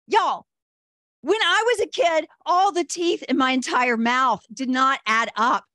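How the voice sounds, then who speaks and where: An older woman from Texas, doing a stand-up comedy set, lively and self-deprecating. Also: sits high, measured pace, no echo, clean studio sound. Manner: lively, self-deprecating, puts on voices for quoted people.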